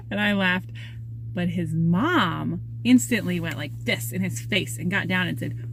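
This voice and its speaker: This vlogger's voice sits on the low side and moves a little slowly, with a bit of hiss or hum in the audio. She's a young woman holding a camera to film herself for a casual travel vlog, chatting cheerfully and laughing a lot as she moves between the outdoors and a cabin.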